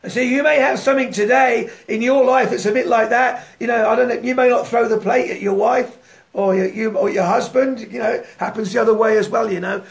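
A man preaching a devotional sermon in a lively way, often laughing and putting rhetorical questions to his listeners. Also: very high-pitched, fairly quick, gravelly.

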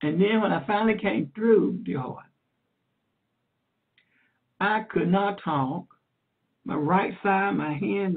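A woman evangelist teaching a sermon in an earnest, repetitive way, warmly calling her listener "dear heart". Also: medium pitch, vocal fry. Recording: tinny phone line.

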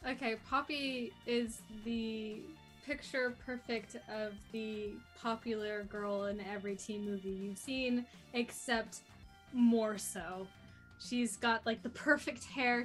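A woman speaks as a tabletop game player, describing her character breezily. Her voice is bright and a little high, with faint music in the background.

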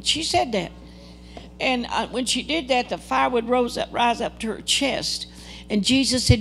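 Older woman preaching, gravelly voice. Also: on the high side, unhurried, a bit bright, soft background music. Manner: earnest, dramatic storytelling with quoted dialogue. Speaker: guest preacher. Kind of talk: testimony sermon. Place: church service.

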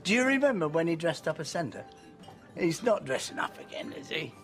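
A man's voice: a little high, big pitch swings, brisk, fairly bright tone, faint music behind. Blustering older man. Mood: exasperated. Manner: blustering, exasperated. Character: blustering older uncle hosting a family meal. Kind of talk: TV soap drama acting.

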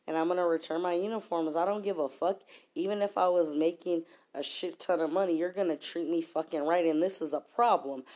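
A woman's voice: on the low side, dark tone. A woman venting in an angry, profanity-laced rant to camera, heated and emphatic. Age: adult. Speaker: vlogger.

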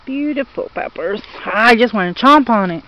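A woman's voice: a little high, lively intonation, normal speed, dull audio. A woman giving a casual tour of her outdoor garden, chatting to viewers and gushing over her plants as she wanders. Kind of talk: casual meandering garden walk-through.

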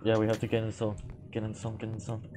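A man with a low voice streams a multiplayer shooter and barks excited callouts to his squad. Faint background hiss and keyboard typing sit under his voice. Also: rapid-fire. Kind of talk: casual game chat with friends.

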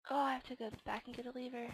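A woman giving casual let's-play commentary, muttering quietly to herself and reading in-game signs aloud. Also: high-pitched, noisy background. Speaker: gamer playing a custom adventure map.

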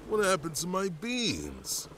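A man voicing a gruff, threatening male commander in a game cutscene. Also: sits high, huge pitch swings, slow, a bit bright, full character voice. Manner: bossy and threatening. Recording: noisy game audio.

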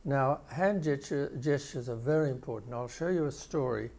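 A man's voice: medium pitch, moderate pace, darkish tone. An older man giving a conference keynote lecture, explaining video clips step by step. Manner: explanatory, walks listeners through clips step by step. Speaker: keynote speaker.

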